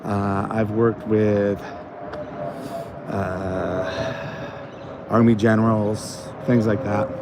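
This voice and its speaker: A man's voice: fairly low pitch, level tone, extremely slow, pauses often, very noisy. An American man recovering from a cold, hosting a casual walking vlog and telling stories in a rambling way with many fillers. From United States. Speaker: channel host. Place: outdoor botanical garden on an evening walk.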